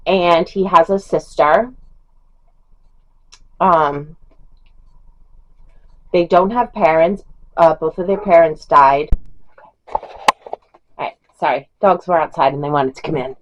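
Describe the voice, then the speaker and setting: A woman's voice: low voice, slow pace, pauses often, muffled recording. A middle-aged woman chatting casually as a book reviewer, rambling with fillers and small laughs. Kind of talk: casual chat.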